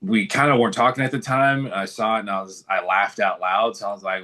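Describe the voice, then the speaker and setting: A man's voice: on the low side, fairly even intonation, fairly quick, few pauses, pushed and bright. A man talking as a guest in a casual interview, telling stories in a laid-back, good-humored way.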